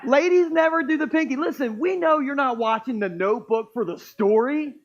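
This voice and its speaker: Pastor, male, high voice, playful crowd-working preacher in a church, lo-fi sound. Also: brisk. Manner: joking, playful, crowd-engaging. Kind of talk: sermon. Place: church auditorium.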